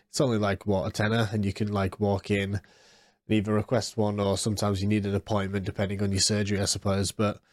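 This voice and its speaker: A man's voice: fairly low pitch, no room sound, studio quality. A man in his thirties with a congested, nasal voice, chatting casually as a podcast host in a rambling way. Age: 30s. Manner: rambling, with frequent restarts and fillers. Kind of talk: casual solo podcast chat.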